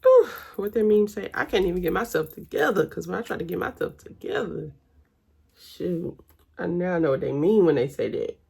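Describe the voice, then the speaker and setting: A woman's voice: fairly low pitch, expressive, moderate pace, creaky, warm tone, husky. A young woman, chatting casually with her viewers while doing her makeup at home. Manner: chatty, addresses viewers as y'all. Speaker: vlogger.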